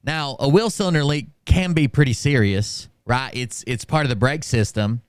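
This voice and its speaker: Smooth-voiced man telling a profane rant. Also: medium pitch, moderate pace, no echo. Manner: profane, animated, full of fillers and restarts. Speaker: streamer. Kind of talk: casual storytelling rant.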